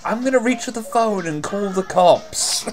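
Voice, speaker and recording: Sarcastic guy riffing over a video, lots of like and you know, bouncy pitch. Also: lively intonation, a little slow, faint music behind. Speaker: video commentator. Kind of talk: casual mocking commentary.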